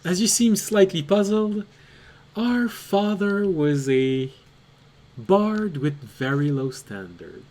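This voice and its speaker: A man's voice: high-pitched, lively intonation, takes it slowly, a little mellow, exaggerated voice. A man voicing a playful, flirtatious woman in a tabletop game, speaking in a sly, teasing way. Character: playful flirtatious female NPC.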